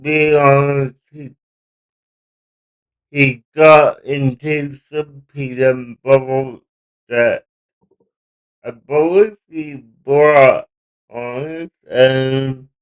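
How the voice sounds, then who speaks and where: Slow, smooth-voiced man at a game table. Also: medium pitch, steady tone, muffled recording. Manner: slow, halting player. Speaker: player. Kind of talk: casual game chat.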